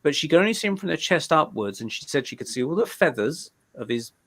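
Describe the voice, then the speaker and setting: A guest medium being interviewed live, this man speaks fast in a slightly high, somewhat bright voice with big swings in pitch. His storytelling is casual and loose, and he tends to repeat words as he gets each sentence going.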